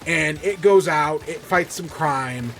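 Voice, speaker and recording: Excitable rambling male podcast host. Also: fairly high pitch, slow, vocal fry. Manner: excited, rambling, swears freely. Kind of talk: casual podcast review.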